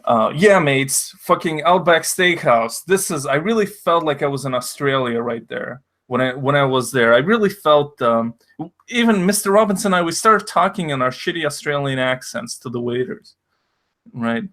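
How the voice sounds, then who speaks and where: Russian-native guy rambling on stream, swears a lot, mid-pitched, deadpan jokes. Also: normal speed. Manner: rambling, profane, deadpan jokey. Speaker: stream host. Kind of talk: casual stream chat.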